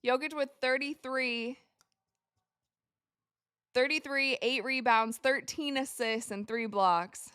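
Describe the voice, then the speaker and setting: A young woman hosts a live watch party, commentating on each play and chatting with her viewers. Her voice sits a bit high and sounds smooth and clear. She is recorded close and dry, and she gets excitable on big moments. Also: slow pace, pauses often, dry recording. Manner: excitable, reacts loudly to plays, talks to viewers as you guys. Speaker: livestream host of a basketball watch party. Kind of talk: live game commentary to chat.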